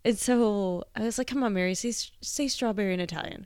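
A woman comedian talks in casual chat, animated and quick to laugh, with frequent swearing. Her voice is recorded dry and close, with no room sound. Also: medium pitch, clean tone, dry recording.

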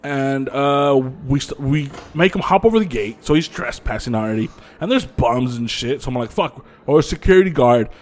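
A man co-hosting a podcast, telling a story in casual chat, animated and profane, laughing often. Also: mid-range voice, moderate pace, few pauses. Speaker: podcast co-host.

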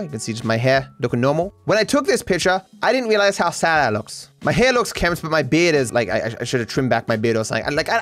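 Chatty man hosting a solo podcast. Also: fairly high pitch. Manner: animated, swearing, frequent restarts. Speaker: podcast host. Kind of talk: casual solo podcast rambling.

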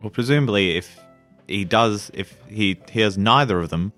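A man playing a tabletop game, playful and animated. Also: on the low side, moderate pace, soft background music. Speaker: player. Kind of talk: casual tabletop play.

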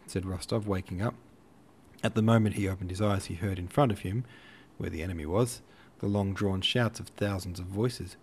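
Guy reading a classic novel, deep-ish voice, steady and even. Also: moderate pace, slight background noise. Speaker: audiobook narrator. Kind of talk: scripted narration.

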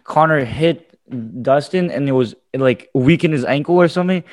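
A man in a relaxed sports conversation who trails off and restarts, leaning on "like" as a filler. His voice sits somewhat high for a man. The delivery is loose and hesitant. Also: moderate pace. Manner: filler-heavy, hesitant, lots of "like". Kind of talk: casual sports chat.

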